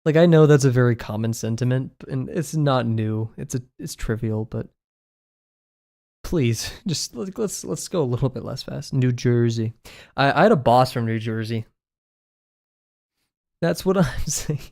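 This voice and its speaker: Easygoing male streamer, mid-pitched, rambles and laughs while he draws. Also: animated, a little slow, vocal fry, pauses often, dark tone. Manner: rambling, laughs often, many fillers. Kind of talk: casual chat while drawing.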